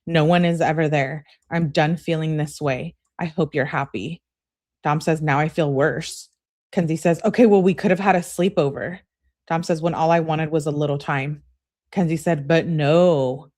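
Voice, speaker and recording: Low-voiced woman reading texts out for a true crime vlog, quick back-and-forth, blunt asides. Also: steady tone, a little mellow. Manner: reads messages in a brisk running relay of who-said-what. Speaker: true crime channel host. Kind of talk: true crime commentary, reading text messages aloud.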